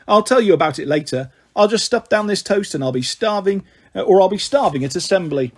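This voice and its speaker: A man reading aloud and voicing a cheerful, clumsy young girl witch in excited chatter. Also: high voice, a little fast.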